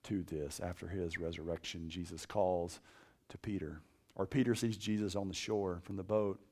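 A man preaching a casual sermon to college students, animated and conversational, sometimes dropping to a hushed, intense tone. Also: low-pitched, moderate pace. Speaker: campus preacher.

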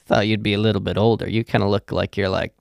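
A man's voice: fairly low pitch, fairly even intonation, quick pace, creaky, dry recording. A man quoting a flirty female store cashier who rambles with lots of fillers, in close to his own voice.

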